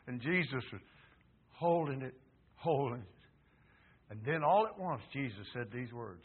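A man in his seventies preaching a sermon, emphatic, dropping to low murmurs and rising to loud fervent peaks. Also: animated, moderate pace, slightly rough. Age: 70s. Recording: tinny phone-like recording.

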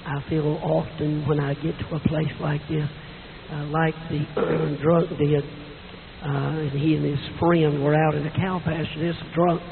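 A middle-aged man preaching a sermon in a church with a hoarse, weak voice, telling folksy stories with self-deprecating asides. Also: on the high side, flat delivery, measured pace. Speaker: visiting preacher. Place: church sanctuary. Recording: tinny echoey church recording with hiss.

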